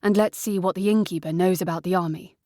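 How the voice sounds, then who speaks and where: Woman voicing a calm, practical young man. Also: on the low side, fast, no echo, clean studio sound, close to an everyday voice.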